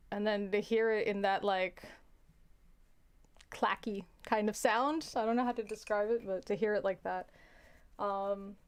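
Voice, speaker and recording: A woman's voice: medium pitch, clean tone. A woman who teaches, chatting casually and telling rambling, self-interrupting stories with frequent laughs. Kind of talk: casual storytelling chat.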